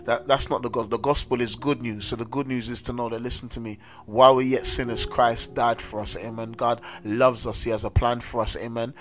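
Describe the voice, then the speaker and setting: A South London man preaches on the street in a mid-range, slightly bright voice, moving fairly quickly with a level tone and few pauses. He earnestly weaves his own testimony into the sermon, saying "amen" and "listen to me" again and again. Music plays underneath him.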